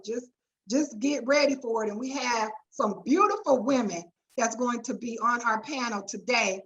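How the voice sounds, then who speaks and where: A woman's voice: high voice, muffled recording. A woman hosting a webinar, chatty and colloquial. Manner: chatty, warm asides and colloquial "y'all". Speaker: webinar host and attorney. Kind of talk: lively webinar introduction.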